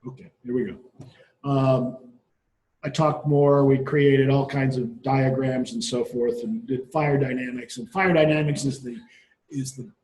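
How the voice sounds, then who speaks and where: A man's voice: medium pitch, darkish tone. A man presenting a case study at a professional workshop, talking conversationally with frequent restarts. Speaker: marine surveyor speaking at a workshop. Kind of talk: conference presentation. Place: conference room. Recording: echoey room.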